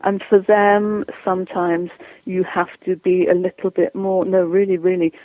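A woman's voice: fairly low pitch, little pitch movement, unhurried, no echo. A woman dog trainer giving advice in an interview, chatty and explanatory, acting out what owners and dogs say. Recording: tinny dry phone line.

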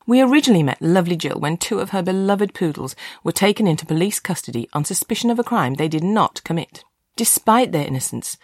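Chatty woman, lively voice. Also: fairly low pitch, studio quality. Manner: chatty, self-deprecating, acts out voices. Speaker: podcast host. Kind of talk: casual on-location chat. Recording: busy crowded exhibition hall.

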